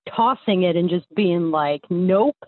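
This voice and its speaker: A woman's voice: on the low side, moderate pace, no room sound. A young woman caller casually telling a story, rambling with lots of fillers, heard over a tinny phone line.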